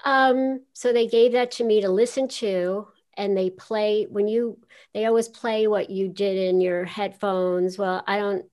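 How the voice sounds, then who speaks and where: A woman's voice: mid-range voice, steady tone, measured pace, a little mellow. An older woman from Queens, New York, a voice actress telling stories as an interview guest in a chatty way, laughing easily. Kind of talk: casual interview, storytelling.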